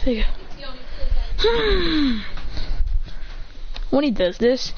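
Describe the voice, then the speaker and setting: A woman's voice: moderate pace, crowd noise. A woman telling an improvised fan story, acting out the characters' lines in between. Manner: rambling, acts out lines, jumps in pitch. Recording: dull lo-fi home recording with faint hiss.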